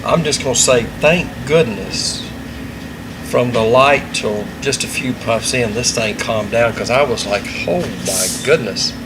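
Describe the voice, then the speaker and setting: An easygoing man chats loosely on a podcast, his voice sitting at an ordinary middle pitch. Clear room noise hums steadily behind him. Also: a little slow. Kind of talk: casual podcast chat. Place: cigar lounge. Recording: noisy room ambience.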